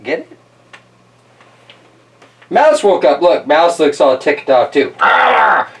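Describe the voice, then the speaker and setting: A man's voice: a little high, big pitch swings, slow, a little mellow. A chatty man reads a picture book aloud in a loose, casual way, laughing often and breaking off for jokey asides. His voice rises and falls with plenty of animation. He sounds a bit distant from the mic. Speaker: storyteller host.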